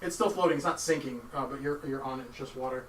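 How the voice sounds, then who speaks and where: A man narrating as game master of a tabletop game, halting with many fillers and restarts. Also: mid-range voice. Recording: echoey room, distant mic, faint noise.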